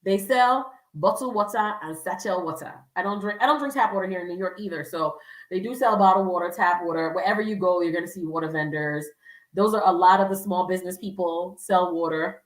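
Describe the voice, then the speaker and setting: A woman's voice: fairly low pitch, brisk, reverberant, distant mic, low-quality recording. A woman giving casual travel advice as a vlogger, chatty with lots of fillers, acting out quoted voices.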